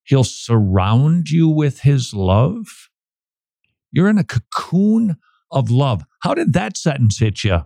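A male radio show host in a studio, talking in an animated way, chuckling and reading passages aloud with quick asides. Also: medium pitch, gravelly, no echo. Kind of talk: radio talk commentary.

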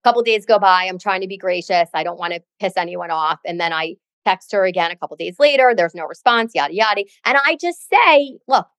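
A woman's voice: fairly low pitch, animated, a little fast, few pauses, a bit bright, no echo. A middle-aged woman co-hosting a podcast, telling a story in a dramatic, sassy, chatty way. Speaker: podcast co-host. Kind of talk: casual chat, storytelling.

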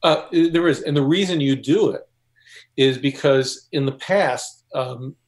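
A man speaking as a co-author on a panel, patiently explaining a process and telling an anecdote. His voice sits at an average pitch with a conversational delivery. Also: a little slow. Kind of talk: panel discussion.

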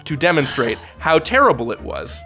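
A podcast co-host with a creaky voice at normal speed tells a comedic story casually, with faint music behind him. He is animated and acts out the people he quotes with big jumps in pitch.

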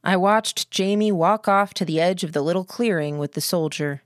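An audiobook narrator reads a novel aloud, her voice on the low side and her storytelling steady and even at normal speed. It's scripted, studio-quality sound with no room echo.

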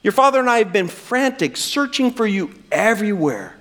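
A man's voice: high-pitched, big pitch swings, normal speed, a bit bright, voice pushed up. A man voicing a frantic, exasperated mother scolding her son. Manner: anxious, exasperated. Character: frantic scolding mother, middle-aged woman.

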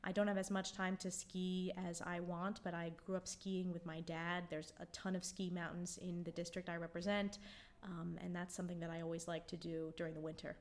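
A woman's voice: on the low side, flat delivery, fairly quick. An American woman in her thirties, a member of Congress, answering interview questions in an earnest, reflective way with frequent ums and restarts. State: choked up. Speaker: congresswoman guest.

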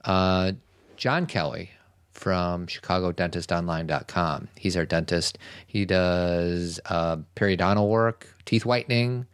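A man co-hosting a casual podcast in a laid-back, joking way. His voice is very deep. It is recorded dry and close. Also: fairly even intonation, unhurried, clear, resonant tone, no echo. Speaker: podcast co-host. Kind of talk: casual chat.

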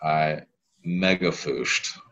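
Man, very low voice, casual podcast guest, rambling stories, dull lo-fi sound. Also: very slow. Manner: rambling, animated storyteller. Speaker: pelvic health physical therapist guest.

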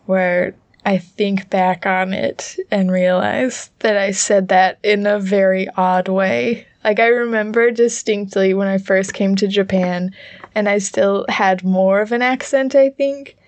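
A woman with a Utah accent co-hosting a podcast, chatting in a quick, animated and playful way. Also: medium pitch. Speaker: podcast co-host. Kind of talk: casual chat.

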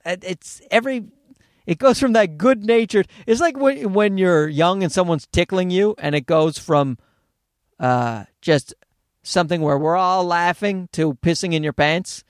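Male podcast host, high, bouncy voice, dry close mic, rambling and profane. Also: measured pace, no room sound. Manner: rambling, profane, self-mocking storytelling with many restarts. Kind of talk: casual solo podcast monologue.

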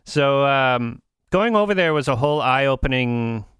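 A man's voice: medium pitch, lively intonation, measured pace, a bit bright, smooth. A man hosting a podcast, chatting casually and rambling, with many fillers and restarts. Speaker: podcast host. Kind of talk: casual interview and show wrap-up.

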